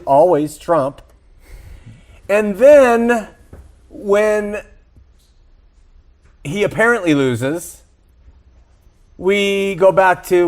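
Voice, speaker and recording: A man's voice: fairly high pitch, darkish tone. A man hosting a faith talk show, pressing his co-hosts with provocative rhetorical questions. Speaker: show host.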